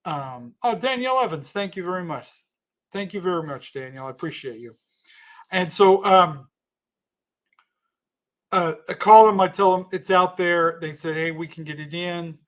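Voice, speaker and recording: A man's voice: sits high, expressive, normal speed, pauses often, a bit bright. Rambling man telling a story. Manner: rambling, self-correcting, thanks donors mid-story. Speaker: comedian telling a story on a livestream. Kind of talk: casual storytelling.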